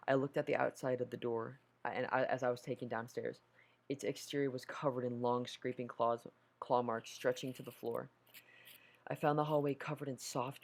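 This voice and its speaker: A man's voice: mid-range voice, creaky. A man reading a horror story aloud, nervous, stumbling over words and correcting himself. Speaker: story narrator.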